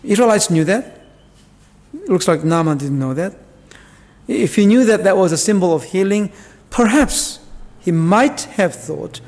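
A man's voice: high voice, lively intonation, measured pace, long pauses, a little mellow. A male pastor preaching a sermon in a church, explaining Bible verses in a conversational way with asides and fillers. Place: church hall. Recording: long church reverb.

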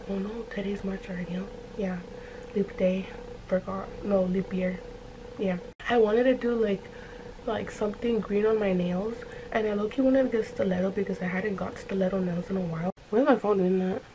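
A woman's voice: medium pitch, steady tone, normal speed, background noise. A young woman vlogging to her phone camera in her bedroom, rambling and chatty with lots of "like", a little stuffy from allergies. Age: young adult. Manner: rambling, chatty, heavy use of "like". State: stuffy from allergies and a runny nose. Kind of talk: casual vlog chat to camera. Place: bedroom at home.

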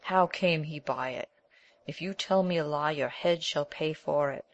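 A stern, suspicious king who issues threats, read by a woman narrator. The voice stays fairly low and firm throughout this audiobook scene. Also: measured pace, lo-fi sound. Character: stern suspicious king, middle-aged man. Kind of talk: audiobook character voice.

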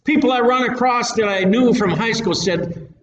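High-voiced preacher in an echoey room. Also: male voice, moderate pace, a little hiss or hum. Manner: plain-spoken, folksy and emphatic. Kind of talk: casual Bible-teaching sermon. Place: church hall with a live audience. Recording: echoey room, mic at a distance, dull sound.

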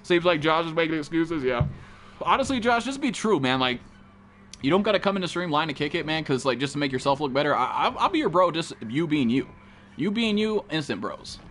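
A fairly high-voiced man streams a game and talks loosely with his chat, swearing constantly and jumping in with excited outbursts. A faint hiss of background noise sits under his voice. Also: fairly quick. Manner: profane, excitable, greets viewers by name. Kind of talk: casual live-stream chat with viewers.

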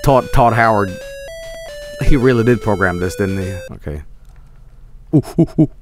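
A man streaming a video game, commenting in an exasperated, profane way with frequent yelled protests. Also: on the low side, animated, moderate pace. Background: game music.

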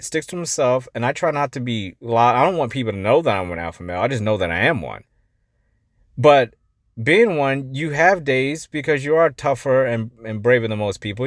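A man's voice: mid-range voice, no room sound, studio quality. Blunt, swearing male life coach. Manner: blunt, swears, swings between quiet and emphatic. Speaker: life coach podcast host. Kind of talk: motivational monologue.

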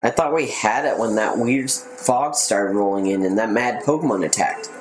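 A man's voice: lowish voice, normal speed, natural voice. A man reading an eager teenage boy rival. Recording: roomy echo, faint noise.

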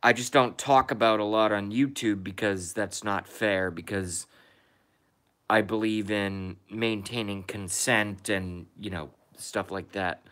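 A man's voice: lowish voice, steady tone, unhurried, a bit bright. A man hosting a casual live stream from home, reading viewer comments aloud and answering them.

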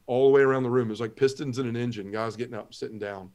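A man's voice: mid-range voice, fast talker. Earnest man with a drawl. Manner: earnest, emotional, often drops to a hushed voice. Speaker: podcast guest. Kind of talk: testimony storytelling.

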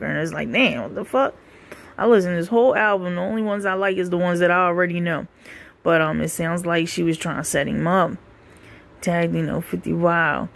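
Laid-back woman with a gravelly voice. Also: on the low side. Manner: laid-back, drawling, profane. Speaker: gossip show host. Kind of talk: casual commentary reading comments.

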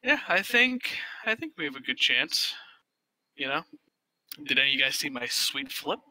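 A man's voice: very animated, normal speed, rough recording. Joking young man at a tabletop game. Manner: joking, laughs often, loud swings in pitch. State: voice changed, talking through a cup. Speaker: tabletop player. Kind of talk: in-character tabletop role-play.

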